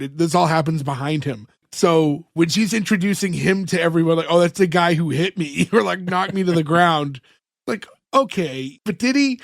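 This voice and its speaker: High-voiced man animating a recap. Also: dry recording, clean studio sound. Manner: animated retelling, acts out characters' lines. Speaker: podcast host recapping an episode. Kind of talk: casual chat.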